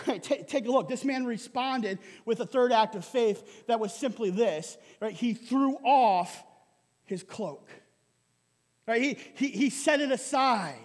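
A male pastor preaching a sermon in a lively way, often asking "right?" and laughing. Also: high voice, long reverb tail. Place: church hall.

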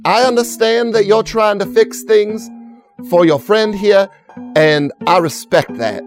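A man narrating as game master in a relaxed, conversational way, his voice a touch high. Soft background music plays under the talk. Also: measured pace.

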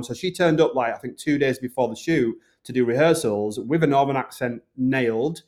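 A man with a Northern English accent talks about his work in a relaxed, rambling way. His voice sits at an ordinary middle pitch, and his sentences loop back with plenty of fillers. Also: a little fast, few pauses. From Northern England. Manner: earnest, rambling, filler-heavy. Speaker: film director, guest. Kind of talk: casual interview talk.

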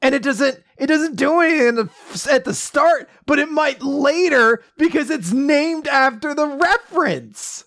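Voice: high-pitched, measured pace, few pauses, a bit bright, no echo, studio quality. A co-host joking playfully in a casual chat about a show.

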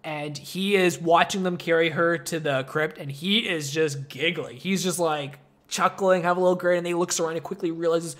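A man co-hosting a casual film review chat, animated and laughing often. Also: on the high side, normal speed, few pauses. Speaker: podcast co-host.

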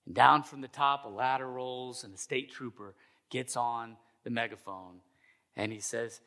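A man's voice: medium pitch, normal speed. A middle-aged man preaching a sermon as pastor, telling stories and acting out the voices of people in them. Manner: storytelling with acted voices, animated and comic.

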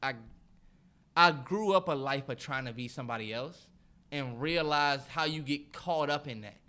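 Animated, high-voiced man ranting profanely. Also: normal speed. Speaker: podcast co-host. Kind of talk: casual podcast chat.

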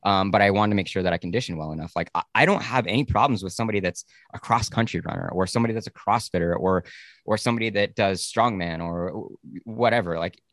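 A deep-voiced man hosts the chat in a relaxed, frank manner, swearing now and then. His low voice sits close and dry with no room sound. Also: fast talker, no echo. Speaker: podcast host. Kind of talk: casual podcast conversation.

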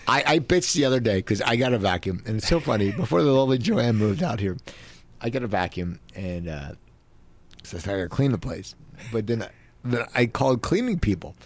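A man's voice: mid-range voice, very animated, brisk. A man hosting a loose, chatty interview. He rambles, stammers through repeated restarts and keeps cutting in on his guest. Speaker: podcast host. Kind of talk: casual interview chat.

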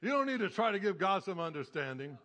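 A man's voice: sits high, big pitch swings, quick pace, fairly bright tone, in a large hall. A man preaching a sermon as a pastor, emphatic and repetitive, building phrases in rhythmic lists.

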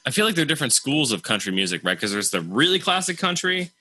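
Lively, bright-voiced opinionated man. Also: medium pitch, quick pace, no echo. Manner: blunt, opinionated, jokey. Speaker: podcast co-host. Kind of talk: casual podcast chat.

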